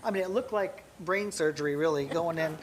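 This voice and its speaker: A man guest telling chatty, animated stories in a casual conversation, full of fillers and restarts. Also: a little high, brisk, a little hiss or hum. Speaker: guest, celebrity hairdresser.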